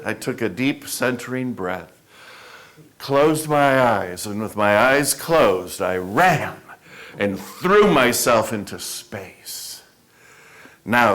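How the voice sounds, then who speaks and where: Animated, self-mocking male speaker. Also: mid-range voice. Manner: animated, self-deprecating storyteller. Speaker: motivational speaker. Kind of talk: humorous storytelling talk to a live audience. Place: club meeting room.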